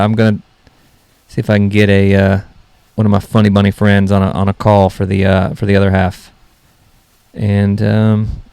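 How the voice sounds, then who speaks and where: Rambling, gravelly-voiced comedy podcast host. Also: male voice, fairly low pitch, darkish tone, dry recording. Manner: rambling, self-mocking, jokey. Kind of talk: solo comedy podcast monologue.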